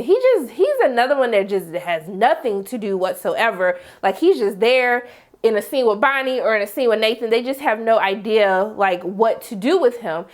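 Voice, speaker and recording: A woman chatting casually as she recaps a TV episode, slangy and animated, acting out her own reactions. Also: on the high side. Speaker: TV review vlogger.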